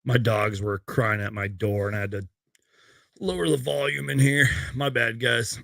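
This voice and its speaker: A young man hosting a live post-game fan stream from his bedroom, excitable on highlights and rambling in between. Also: measured pace, gravelly, dry recording, studio quality. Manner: excitable, loud outbursts on highlights, then rambling. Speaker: sports fan show host. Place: bedroom at home.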